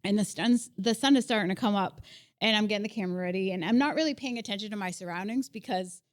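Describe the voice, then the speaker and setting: A woman in her thirties co-hosts a podcast, telling a story in casual, animated chat and laughing often. Her voice is mid-range and she talks fast.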